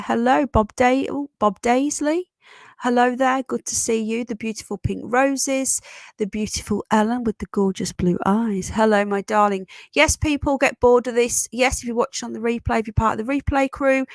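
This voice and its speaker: A woman hosting a casual live stream, congested from a sinus infection, greeting viewers warmly as darling and sweetheart and swearing bluntly. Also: fairly high pitch, dry recording, studio quality. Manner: chatty, affectionate, calls viewers darling and sweetheart.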